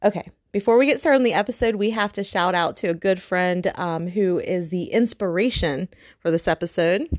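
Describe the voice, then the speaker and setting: A woman's voice: lowish voice, moderate pace, a little mellow. A woman co-hosting a podcast, chatting casually and playfully with frequent laughs. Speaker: podcast co-host. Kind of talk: casual chat.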